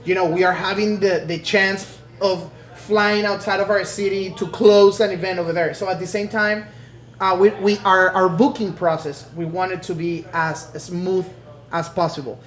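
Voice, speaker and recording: A man's voice: high-pitched, steady tone. Hesitant man in an echoey room. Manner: halting, restarts often while asking questions. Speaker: DJ duo member, guest. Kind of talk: casual podcast conversation. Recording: roomy echo.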